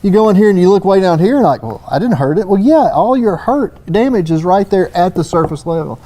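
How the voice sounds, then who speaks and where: On a trade expo stage, a man with a Southern US accent, an expert in surface finishing, talks on a technical panel as a guest. His high-pitched, dark-toned voice is animated and brisk, and his casual, folksy rambling is full of "you know."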